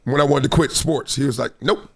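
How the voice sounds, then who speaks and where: A man hosting a casual sports commentary show, animated and slangy, speaking straight to his viewers and slipping into sing-song bits. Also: mid-range voice, fast talker, gravelly.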